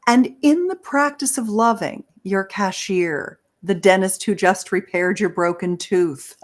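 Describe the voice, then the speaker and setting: A woman's voice: mid-range voice, measured pace, few pauses. A woman guest on an interview show, a relationship expert who talks enthusiastically in a coaching tone and laughs often. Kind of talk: conversational interview.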